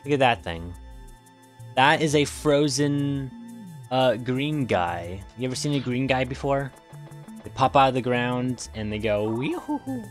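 A man's voice: medium pitch, unhurried, soft background music. A man streaming a video game with goofy, playful commentary and jokey yelps of pain. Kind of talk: casual let's-play commentary.

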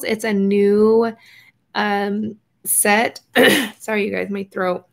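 A young woman hosting an art journaling livestream, chatting casually with viewers while she paints and sometimes trailing off into quiet murmurs. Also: medium pitch, steady tone, measured pace, gravelly. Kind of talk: casual live crafting chat.

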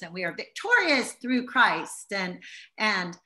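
A woman's voice: medium pitch, very animated, takes it slowly, sharp tone. A middle-aged woman giving an informal Bible teaching to a small group, telling stories in an earnest, heartfelt way.

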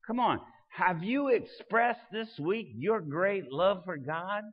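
A man preaching a sermon as pastor, swelling loud and dropping soft. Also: high-pitched, animated, takes it slowly, big-room sound, muffled recording.

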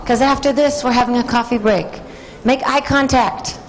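A woman's voice: fairly high pitch, steady tone, moderate pace. A woman hosting a conference on stage, upbeat and direct, firing short commands at the audience. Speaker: conference emcee. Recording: crowd noise in a conference hall.

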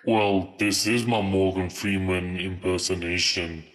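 A young man playing a deep-voiced stern God. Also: fairly even intonation, unhurried, reverberant, a little hiss or hum. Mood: calm. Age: teen.

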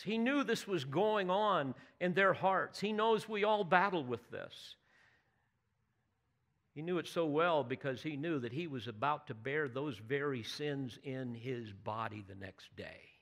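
A man in the pulpit with a somewhat high voice, preaching with earnest emphasis. He builds to fervent peaks and often turns to his listeners with direct questions. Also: a little slow, a bit bright. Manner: earnest, emphatic preaching with rising bursts of intensity. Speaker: pastor. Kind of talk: sermon.

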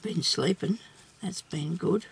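A woman hosting a casual craft tutorial, chatting and thinking aloud as she works, with soft laughs to herself. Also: lowish voice, slow, gravelly, breathy edge. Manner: rambling, chatty, thinks aloud while working.

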